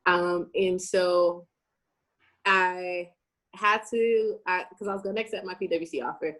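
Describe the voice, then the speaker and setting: Young woman, casual guest, animated storyteller who acts out every exchange. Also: lowish voice, measured pace. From Shreveport, Louisiana, USA. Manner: animated, plays out conversations in quoted voices.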